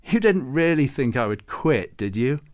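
A man's voice: mid-range voice, sing-song, normal speed, voice pushed up, close to an everyday voice. A man voicing a weary old male toymaker in a storybook reading, speaking in a tired, wry way. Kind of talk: storybook character voice.

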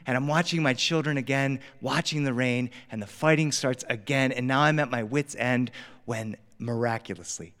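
A man performing a family story live for a studio audience, animated, shifting from loud bursts to whispers. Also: mid-range voice, normal speed, big-room sound.

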